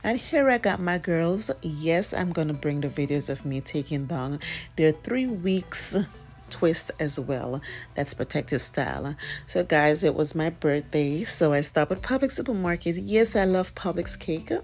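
A Jamaican woman chats casually in a vlog while doing her children's hair, rambling and often speeding up. Her voice sits low and animated with a darkish tone, and faint music plays behind her.

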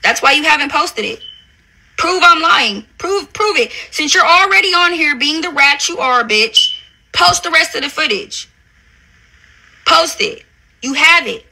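A woman's voice: high-pitched, lively intonation, measured pace, bright, forceful tone, rough recording. A young woman, ranting angrily and profanely at a rival in a confrontational, taunting social media video. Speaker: reality show cast member. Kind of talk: angry social media rant.

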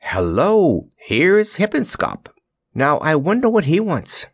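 A man's voice: a little high, huge pitch swings, takes it slowly, dry recording, studio quality, pitched above the performer's own voice, exaggerated voice. A man voicing a spirited, teasing young queen in a storybook reading. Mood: lively teasing.

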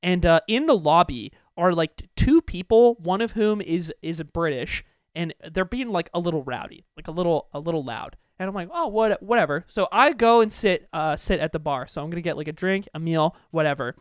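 A young man hosting a podcast, telling an animated, profane anecdote in casual chat, with many fillers. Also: fairly high pitch, fairly quick, clear, resonant tone, dry recording, studio quality. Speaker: podcast host. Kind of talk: casual storytelling.

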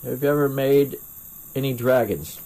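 A man's voice: medium pitch, moderate pace, dark tone. Rambling North Carolina man demoing glass. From North Carolina, USA. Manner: rambling and self-deprecating, with frequent restarts. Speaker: glassblower streaming torch demos. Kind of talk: casual live demo chat answering viewer questions. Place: home glass studio at the torch. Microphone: first-person camera mic.

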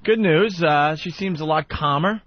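A man's voice: fairly high pitch, moderate pace, dry recording. Man hosting, wry radio banter. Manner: wry, chuckling commentary. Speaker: radio show host. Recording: dull lo-fi radio archive.

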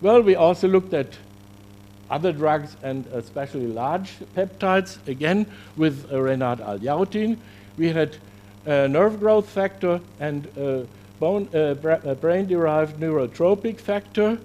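High-voiced man giving a scientific lecture. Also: expressive, mellow, slight background noise. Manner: halting, often corrects himself mid-phrase. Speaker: scientific presenter. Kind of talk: conference lecture. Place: conference venue.

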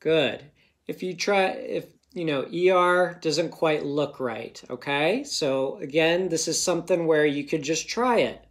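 A man's voice: on the high side, unhurried. A male teacher giving a phonics lesson to children, patiently sounding out words and checking in with "okay?" again and again.

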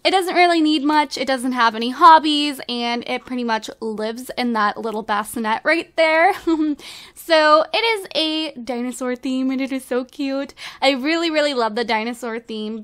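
A woman's voice: sits high, a bit bright, clean tone. A woman casually commenting as she plays a life-sim game, bubbly and giggly as she gushes over how cute things are. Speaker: let's play host.

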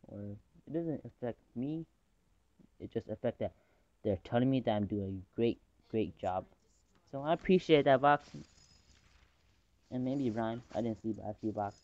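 A man casually commentating his own game match, rambling between calls and excitable in fights. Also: mid-range voice, dry recording. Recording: dull lo-fi recording.

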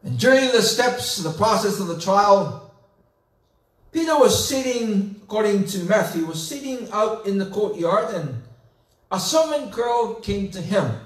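A man pastor preaching a sermon, retelling scripture slowly and dramatically, building to emphatic questions. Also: sits high, very animated, roomy sound, far from the mic. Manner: slow, dramatic storytelling with rising emphatic questions. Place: church sanctuary.

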